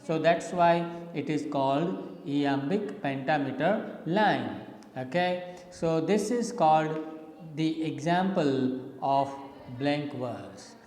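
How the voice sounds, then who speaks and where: A man gives a literature lesson at a slow, deliberate pace, repeating key points and pausing to check in with "okay". His voice sits a little high, and the room adds a long, echoing tail around every phrase. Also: a little mellow. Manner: patient, repetitive explaining with frequent "okay". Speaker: literature teacher. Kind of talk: slide lecture.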